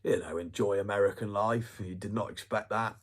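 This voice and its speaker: Deep-voiced, husky man rambling. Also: steady tone, normal speed. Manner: rambling, profane, meandering. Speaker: vlogger. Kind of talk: rambling monologue.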